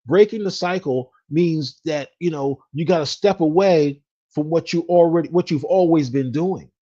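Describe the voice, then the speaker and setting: A man's voice: fairly high pitch, normal speed, warm tone, dull audio. A man hosting a finance podcast, giving a casual motivational talk with lots of fillers and repeated "right?" tags. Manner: repetitive, says "right?" often, many fillers. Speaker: podcast host, financial specialist.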